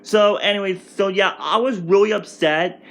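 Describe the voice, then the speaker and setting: A man in his twenties telling a rambling, excitable storytime rant at home for his vlog, restarting his sentences often. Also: high voice, moderate pace, vocal fry. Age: 20s. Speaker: vlogger.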